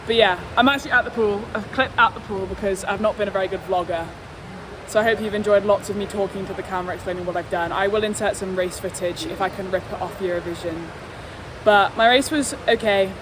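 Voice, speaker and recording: This young woman, a swimmer vlogging at a competition, talks fast in a medium-pitched voice to her handheld phone camera, sounding casual, giggly, and hyper. The indoor hotel and pool setting adds background noise and ambience.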